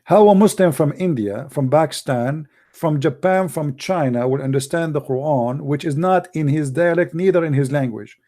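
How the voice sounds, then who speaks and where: A man with an Arabic accent, a native Arabic speaker from the Middle East, hosting a live debate show in a mocking, emphatic and forceful way. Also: a little high, moderate pace, few pauses. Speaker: apologetics show host.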